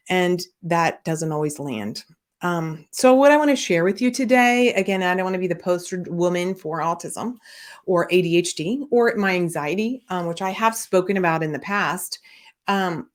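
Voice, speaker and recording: A middle-aged woman hosting a podcast, telling a personal story in a candid, rambling way with many fillers and restarts. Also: fairly low pitch. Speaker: podcast host and business coach.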